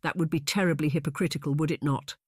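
A man voicing a gentle, insistent young aristocrat who speaks slowly and softly. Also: fairly even intonation, husky, no echo, studio quality. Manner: slow, soft, low-spoken. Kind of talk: audiobook character voice.

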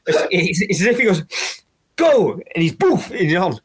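A man co-hosting a podcast, trading lively banter, swearing freely and ending his remarks with tag questions. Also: high-pitched, a little fast, breathy edge. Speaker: podcast co-host. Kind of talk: casual chat.

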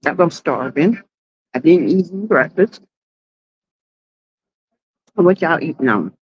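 A woman's voice: deep voice, big pitch swings, slightly rough, dull audio. A woman with a Southern US accent hosting a casual livestream, greeting viewers by name in a sassy way. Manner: sassy, greets chat by name, drawn-out exclamations. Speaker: livestream host.

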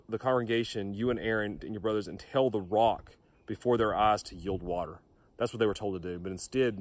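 A young man with a fairly low voice delivers a youth devotion. He reads scripture and then speaks earnestly to his listeners, often stumbling and restarting his sentences. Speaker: youth pastor. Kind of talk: home-recorded youth devotion.

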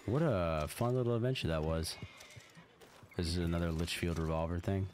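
A man doing casual let's-play commentary, excitable, swearing a lot, laughing often and talking to his character. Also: low voice, normal speed, slight background noise. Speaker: gaming streamer. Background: game music.

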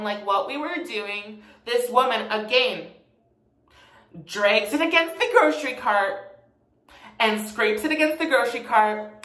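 A woman's voice: a little high, sharp tone. A young woman casually telling a retail storytime, chatty and sassy, in an echoey room. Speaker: vlogger.

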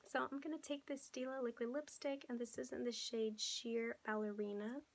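A young woman with a hoarse voice, chatting casually as a beauty vlogger through a makeup tutorial and often dropping into soft half-whispered asides. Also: on the high side, fairly even intonation, moderate pace, a little hiss or hum, low-quality recording. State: hoarse, losing her voice.

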